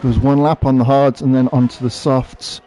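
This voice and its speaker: A man commentates a sim race in a chatty, thinking-aloud way. His voice is mellow and warm, with a faint noise under it. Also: medium pitch, flat delivery, moderate pace.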